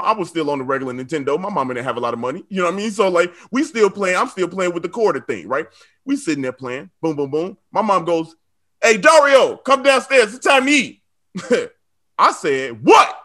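A man, telling a comic story with lively slang and frequent laughter. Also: high voice. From South Side of Chicago. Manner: animated, laughing often, slangy asides to the audience. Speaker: storyteller on a comedy show.

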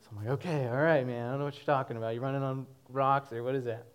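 Talking fast in a clean, mid-range voice, a man in his twenties gives his personal testimony to a church congregation. He is lively and laughs frequently while telling it.

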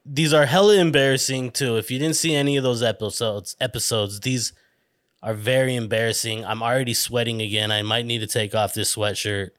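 A man's voice: medium pitch, fairly even intonation, fairly quick, fairly bright tone, no room sound. Rambling, self-conscious man on a dry podcast mic. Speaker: podcast host. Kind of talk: casual podcast chat.

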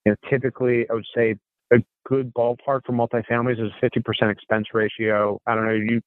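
A man's voice: mid-range voice, flat delivery, quick pace, no room sound. Male investor guest, casual anecdote delivery with quoted lines, heard through a thin, dry phone-style signal. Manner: recounts dialogue in quoted snippets, frequent restarts. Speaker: podcast guest, real estate investor. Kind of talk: conversational storytelling. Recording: phone-like narrow sound, dry.

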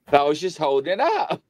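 A man tells a paranormal story in casual conversation, voicing the quotes with big leaps in pitch. He's a guest on a paranormal show, animated and speaking at a moderate pace in a dry recording.

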